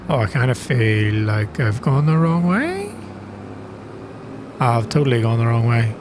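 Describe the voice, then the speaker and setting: A man's voice: medium pitch, sing-song, measured pace, noisy background. Chatty man playing a game. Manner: chatty, self-deprecating, exclaims with gasps when surprised. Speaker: gaming channel host. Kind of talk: casual gameplay commentary.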